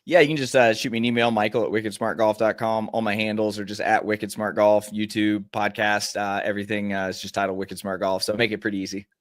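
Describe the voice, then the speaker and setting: Low-voiced man, dry close sound. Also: brisk, few pauses, no room sound. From Oregon. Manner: animated, explains strategy in long runs. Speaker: golf mental coach guest. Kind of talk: podcast interview.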